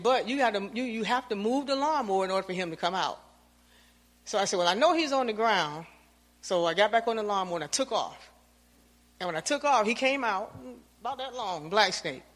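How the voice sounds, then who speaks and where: A woman tells an anecdotal church testimony with lively storytelling, acting out her own lines and those of others. Her voice carries the long reverb of the sanctuary. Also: mid-range voice, a little fast. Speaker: church member giving testimony.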